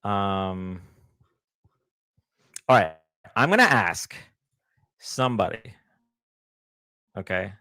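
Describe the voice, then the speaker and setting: A man's voice: fairly low pitch, expressive, very slow, pauses often, sharp tone, no room sound, studio quality. A young man co-hosting a casual live stream, hesitant and full of fillers and restarts. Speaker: co-host.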